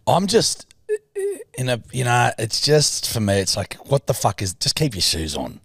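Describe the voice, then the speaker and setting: Aussie guy ribbing his co-host, gravelly, pitch jumps around a lot, dry mic. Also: sing-song, moderate pace, a bit bright, dry recording. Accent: Australian. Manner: crude, teasing, jokey voices. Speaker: podcast co-host. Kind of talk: casual banter.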